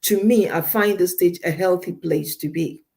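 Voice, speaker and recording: A woman's voice: lowish voice, normal speed, creaky, mellow. A woman counselor giving emphatic, direct advice to listeners on a radio show, often repeating her key points.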